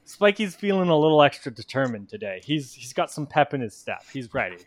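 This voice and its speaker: A man talking casually as a player in a tabletop game, relaxed and halting. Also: medium pitch, dry recording. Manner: relaxed, laughing, with halting restarts.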